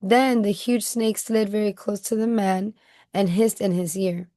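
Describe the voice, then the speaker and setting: A woman teacher reading a picture book aloud to children, pausing to ask questions and check they follow along. Her voice is close and dry, with a mid pitch. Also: steady tone, no echo. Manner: gentle questioning, checking in with listeners.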